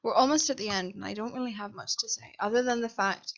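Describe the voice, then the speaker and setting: A woman's voice: mid-range voice, quick pace, highs cut off. A young woman from Britain, a university student, chatting casually and rambling in a self-deprecating way over a game build. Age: young adult. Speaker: sims builder voiceover. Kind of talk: casual voiceover chat. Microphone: desk microphone.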